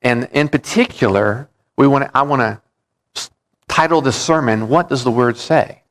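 Man, pastor, sermon, earnest, measured, mid-pitched voice. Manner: earnest, measured preaching with repetitions and restarts.

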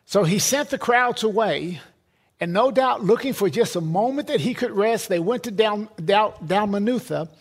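A man's voice: high voice, expressive, moderate pace. A man preaching a sermon, emphatic, repeating words and building lists.

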